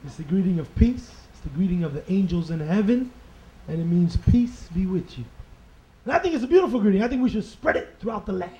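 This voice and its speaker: A man's voice: high-pitched, lively intonation, quick pace, warm tone, highs cut off. A man from Chicago performing a playful stand-up comedy routine, laughing at his own jokes and mimicking voices. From Chicago, USA. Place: live comedy stage.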